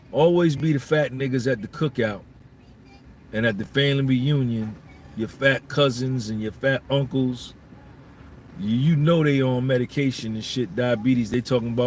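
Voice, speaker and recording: A man's voice: mid-range voice, normal speed. A man in a mid-range voice delivers a live podcast monologue, blunt and profane, hammering each point by saying it again. Faint background noise hums under his voice. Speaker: podcast host.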